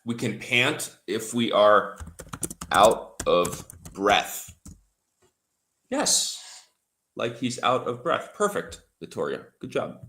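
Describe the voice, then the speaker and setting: Slow, patient male English teacher. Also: fairly low pitch, sing-song, pushed and bright, a little hiss or hum. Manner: slow, repeats and spells out words for learners. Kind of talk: livestream language lesson.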